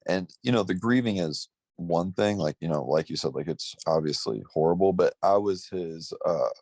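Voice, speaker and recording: Deep gravelly young man, blunt and profane. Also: moderate pace, a little mellow, no room sound. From Missouri, United States. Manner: blunt and profane, emotional, choked up at times. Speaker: pro MMA fighter, guest. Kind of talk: candid interview talk.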